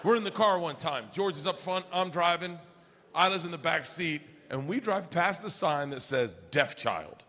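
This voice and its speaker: Stand-up comic guy, loudish and swearing a lot, slightly high voice, big echoey venue with crowd noise. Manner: loud, profane, acts out family members in quick voices. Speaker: stand-up comedian. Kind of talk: stand-up storytelling. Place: large comedy venue, indoors. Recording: live venue with long reverb and audience noise. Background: crowd laughter and ambience.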